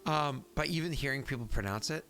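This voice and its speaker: A man's voice: medium pitch, brisk, sharp tone. A man in his thirties, the game master, who chats casually, rambles and fills his talk with fillers and restarts. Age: 30s. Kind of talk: casual tabletop game chat and in-character speech.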